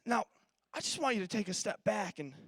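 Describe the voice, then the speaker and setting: High-voiced pastor preaching emphatically. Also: male voice, big pitch swings, brisk, fairly bright tone, husky, no room sound. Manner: emphatic, repetitive preaching with restarts. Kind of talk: sermon.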